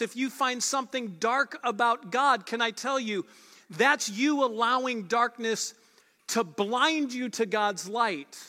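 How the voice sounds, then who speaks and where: With a high, bright, forceful voice, a male pastor preaches an earnest sermon in a conversational style. He drives his points home through repeated phrases, and a long reverb makes his words sound like they're filling a large church.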